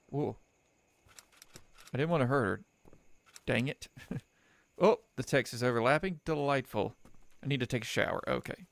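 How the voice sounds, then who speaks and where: A young gaming let's player with a mid-range voice and vocal fry records on a desk microphone while playing a horror game. Reading the in-game text aloud, he's joking and sarcastic, with frequent laughter.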